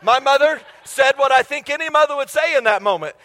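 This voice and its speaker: High-voiced, bright preacher in a reverberant hall. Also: male voice, animated, brisk, few pauses. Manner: humorous storytelling, quizzing the congregation. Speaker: pastor. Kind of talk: sermon. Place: church sanctuary. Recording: long reverb of a large hall.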